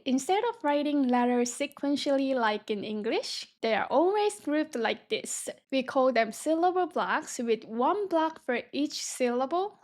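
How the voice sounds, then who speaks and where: Slow, cheerful high-voiced woman teacher. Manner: cheerful, slow and deliberate, sounding out syllables. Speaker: Korean language teacher. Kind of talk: beginner language lesson.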